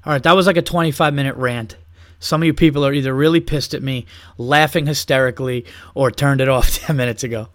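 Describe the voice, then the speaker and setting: A man's voice: medium pitch, fairly even intonation, quick pace, dry recording, studio quality. A man hosting a podcast, ranting in a casual, comedic way, swearing often and mocking people with heat. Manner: profane, heated, mocking. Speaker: podcast host.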